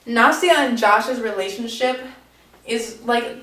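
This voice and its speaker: A young woman with a fairly high voice gushes about a book in a casual, excitable way, peppering her talk with "like". She sits a little back from the mic, and the room around her rings with echo. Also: slow, recorded from a distance. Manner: gushing, excitable, heavy use of "like". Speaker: book vlogger. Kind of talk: casual book review chat. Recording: roomy echo, a bit off-mic.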